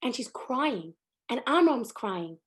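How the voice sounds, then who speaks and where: Brief: high-pitched woman teacher, animated religious storyteller, lots of fillers. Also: takes it slowly.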